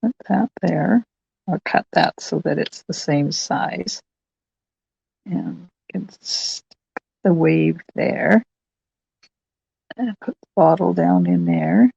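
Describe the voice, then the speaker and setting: A Canadian woman with a Canadian accent chats her way through a crafting project, narrating each step as she goes. Her voice is heavily gravelly and a bit husky, and she talks at an unhurried pace. The recording is dry and slightly dull. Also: lowish voice, dark tone, no echo. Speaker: crafting channel host. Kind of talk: casual crafting tutorial narration.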